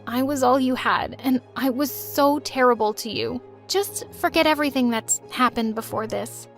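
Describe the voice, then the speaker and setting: Brief: woman doing a young sister full of guilt and love, earnest; high voice, faint music. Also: normal speed. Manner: earnest, emotional delivery.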